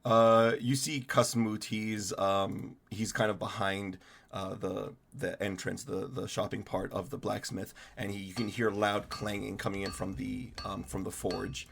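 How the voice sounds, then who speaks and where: A man's voice: lowish voice, little pitch movement, unhurried, vocal fry, a bit bright. A man narrating a tabletop game as game master in a meandering way, with many fillers.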